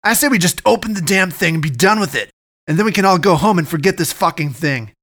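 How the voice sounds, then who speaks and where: A man doing a ranting, shouting mercenary. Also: sits high, lively intonation, brisk, creaky, no room sound, clean studio sound, pitched above the performer's own voice, exaggerated voice. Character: agitated male mercenary soldier, volatile.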